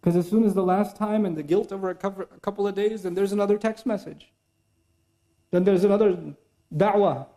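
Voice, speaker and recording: A man with a high, light voice delivers a sermon. He talks to the audience casually, acts out the excuses people tell themselves, and recites verses quickly in Arabic. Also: mellow. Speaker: preacher.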